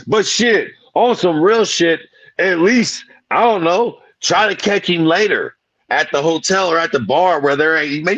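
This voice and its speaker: A man co-hosting a podcast, ranting in animated, profane, slang-heavy casual chat. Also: fairly high pitch, slightly rough, no room sound, dull audio. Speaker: podcast co-host.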